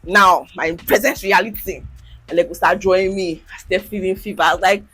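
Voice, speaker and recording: A woman in her thirties, a content creator with a brisk, slightly rough voice, tells her own story in a personal vlog. She's candid and emotional, sighing and laughing, and animatedly acts out quoted voices with big pitch jumps.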